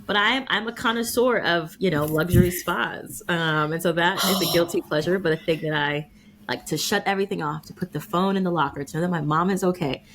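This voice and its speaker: A woman with a deep voice and a gravelly edge. She talks candidly as a podcast guest. Her tone is reflective and open. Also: fairly quick, fairly bright tone, a little hiss or hum. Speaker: caregiver guest. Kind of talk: podcast interview.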